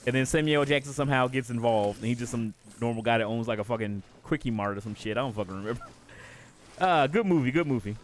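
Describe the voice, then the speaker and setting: A man's voice: mid-range voice, quick pace, a little hiss or hum. A man streaming a game live, rambling in profane, casual commentary and laughing often.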